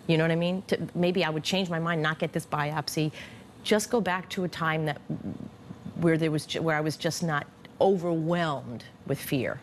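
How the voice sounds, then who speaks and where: A woman who has been through cancer, speaking candidly and haltingly in an interview, with frequent restarts and fillers. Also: deep voice, steady tone, slight background noise. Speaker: former cancer patient. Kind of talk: reflective interview.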